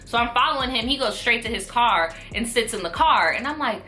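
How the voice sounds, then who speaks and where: A woman in her twenties telling a storytime vlog in an animated, profane, slangy way. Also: a little high, a little fast, soft background music. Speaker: vlogger.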